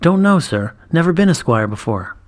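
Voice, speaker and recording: A man voicing a young squire with a brisk, deadpan delivery. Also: fairly high pitch, pitched above the performer's own voice. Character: young male squire, dry and sly.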